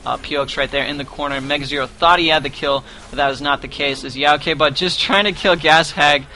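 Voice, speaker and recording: A man casting a competitive video game match live. His voice sits higher than most and sounds very bright and forceful. He rambles along with casual fillers as he calls the action. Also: steady tone, a little fast, slight background noise. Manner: rambling with many "you know" fillers. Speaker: esports play-by-play commentator.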